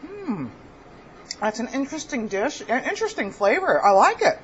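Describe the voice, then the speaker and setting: A woman's voice: high-pitched, very animated, normal speed, muffled recording, slight background noise. Chatty woman hosting a home cooking vlog. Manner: chatty, self-deprecating, laughs at her mistakes. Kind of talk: casual home cooking commentary. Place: home kitchen.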